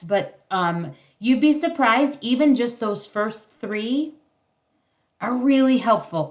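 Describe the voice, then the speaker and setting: A middle-aged woman leading a parenting workshop over a video call, teaching casually and acting out short parent and child lines. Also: a little high. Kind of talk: casual instructional talk.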